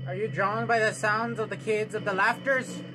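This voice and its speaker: A man hosting a let's play, reacting to a horror game with excitable commentary, yelps, jokes and mock-dramatic outbursts. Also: high voice, moderate pace, music in the background.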